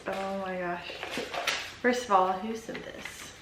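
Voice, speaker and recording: A young woman talks to her viewers in a chatty, upbeat way, laughing easily between thoughts. Her voice still carries a hint of morning roughness. The sound is roomy and echoey, with faint noise behind it. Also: mid-range voice, fairly even intonation, slow. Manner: chatty, bubbly, laughs often. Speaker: vlogger and teacher. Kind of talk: casual chat to camera. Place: at home indoors. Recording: echoey room.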